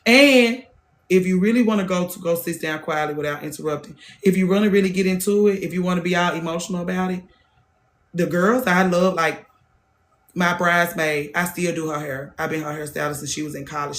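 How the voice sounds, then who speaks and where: A woman's voice: on the low side, fairly even intonation, a little fast. Woman, thirties, hairstylist host, casual monologue, blunt, swears a lot, hammers points by repeating. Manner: blunt, profane, repeats phrases for emphasis.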